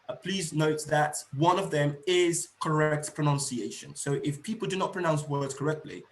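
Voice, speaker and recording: A middle-aged man leads an online seminar for teachers. He explains each point, then restates it, often pausing on fillers. His voice sits a bit high and sounds roomy through a computer mic. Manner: explanatory, repeats and rephrases points, frequent fillers. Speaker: teacher trainer presenting a webinar.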